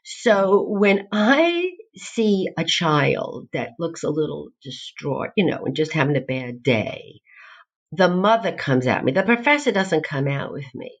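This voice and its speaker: A middle-aged woman, a guest on a podcast, telling stories and acting out voices in an animated way. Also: sits low, unhurried. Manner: animated storyteller, acts out quoted voices. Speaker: guest, nutrition professor. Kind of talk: podcast interview. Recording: dull lo-fi audio.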